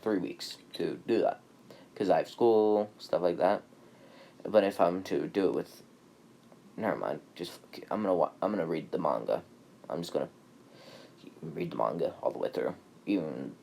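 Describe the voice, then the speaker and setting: A man's voice: low-pitched, vocal fry, darkish tone. A man who makes anime videos, telling a made-up story in a casual, rambling way, with many fillers and self-corrections.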